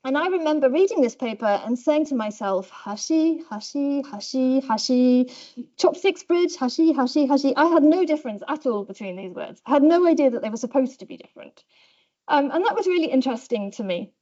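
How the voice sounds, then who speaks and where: A woman with a Southern British English accent giving a university lecture, chatty and self-deprecating, acting out pitch patterns as examples. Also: animated, fast, warm tone, dull audio. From south of England. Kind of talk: academic lecture. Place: lecture hall.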